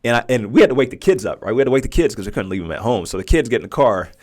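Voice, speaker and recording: A man in his thirties, a podcast host telling a personal story in an animated way and acting out the voices of others. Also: mid-range voice, very fast. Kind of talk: storytelling monologue.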